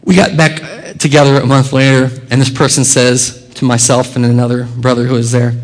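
A man preaching a sermon as a pastor, earnest and expressive, dropping quiet and rising with emphasis. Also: mid-range voice, a little fast, hardly any pauses.

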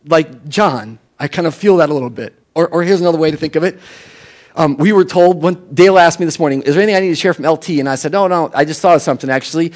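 A man's voice: a little high, fast, a little mellow. A man preaching a sermon in a loose, conversational way, often restarting his sentences. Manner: conversational, with frequent restarts and asides. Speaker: pastor.

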